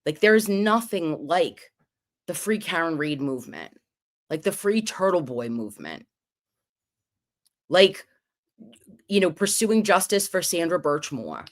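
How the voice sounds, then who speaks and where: A woman with a lowish voice hosts a casual livestream, recapping an evening out. She talks in an animated, storytelling way, swearing freely as she goes. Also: a little slow, pauses often. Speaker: livestream host.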